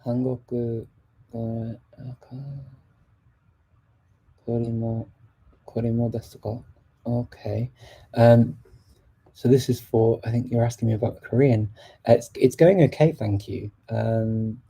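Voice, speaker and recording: A man from England hosts a casual live stream, answering viewer questions hesitantly, with many fillers and restarts as he switches between languages. His mid-range voice is steady, slow, dark and breathy-edged, and he pauses often.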